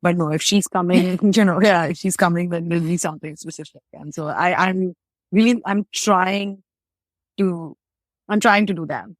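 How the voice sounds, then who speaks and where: A woman's voice: on the low side, moderate pace, no echo. A woman comedian from India with an Indian English accent. She talks animatedly in an interview and often restarts her sentences. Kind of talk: interview conversation.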